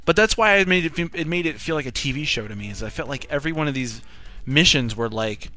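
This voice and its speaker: A man's voice: a little high, animated, fast, sharp tone. A man casually chatting about a video game in a laid-back way, often trailing off.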